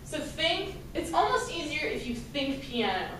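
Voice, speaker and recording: A woman's voice: high-pitched, very animated, unhurried, pushed and bright. A woman teaching a school band class, upbeat and encouraging as she counts the players in. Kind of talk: classroom instruction. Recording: roomy, distant, noisy classroom.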